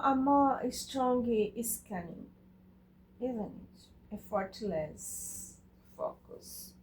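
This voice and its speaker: A woman teaching eye exercises in a casual way, halting and searching for words, speaking English as a non-native with Portuguese as her first language. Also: fairly high pitch, slight background noise. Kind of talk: casual instructional talk.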